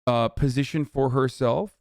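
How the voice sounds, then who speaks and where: A man's voice: mid-range voice, fairly even intonation, normal speed, no room sound, clean studio sound. A man reacting to the news on a live stream, ranting in a heated, profane, sarcastic way.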